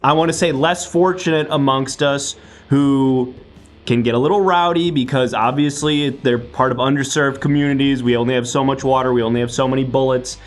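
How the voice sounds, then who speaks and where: A man's voice: medium pitch, fairly even intonation, brisk. A man in an improv comedy scene, talking in an earnest, defensive, bureaucratic way. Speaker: improv performer playing a wasteland official.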